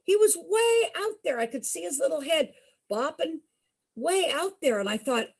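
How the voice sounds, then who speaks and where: A woman's voice: extremely high pitch, moderate pace. A middle-aged woman entertainer telling a personal story to a group, acting out the voices she quotes. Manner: animated, acts out quoted voices. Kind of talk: storytelling to an audience.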